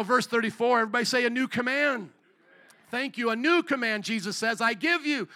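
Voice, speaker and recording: An older man preaching a sermon as pastor, calling on the congregation for responses and rising to shouts. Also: high voice.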